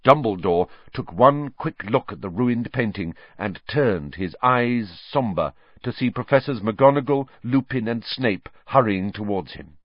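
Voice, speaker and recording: A man narrating a storybook in an expressive, lively reading, on a dull lo-fi audiobook recording. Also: lowish voice, measured pace, few pauses, dry recording.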